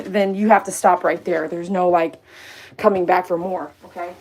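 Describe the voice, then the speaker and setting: A woman's voice: mid-range voice, fairly even intonation, fairly quick, a little hiss or hum, poor audio. A woman, a dog groomer chatting casually and bluntly while she works, talking both to the dog and to her viewers. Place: grooming room. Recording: clipper buzz behind the voice.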